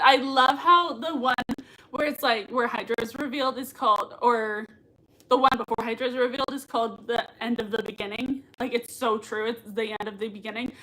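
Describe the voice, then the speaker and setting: A young woman with a high voice chatting excitedly to viewers on a livestream. She gushes and rambles, filling her talk with "like" and "oh my God". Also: slight background noise, low-quality recording. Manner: gushing, excitable, heavy use of "like" and "oh my God". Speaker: livestream host reacting to a TV show. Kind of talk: casual livestream chat reading viewer comments.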